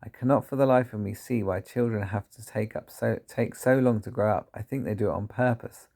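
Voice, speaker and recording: A man's voice: fairly low pitch, brisk, gravelly. A man voicing a tyrannical, bullying headmistress who barks and snaps at children, read from a storybook. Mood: domineering. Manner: shouting, barking, snapping.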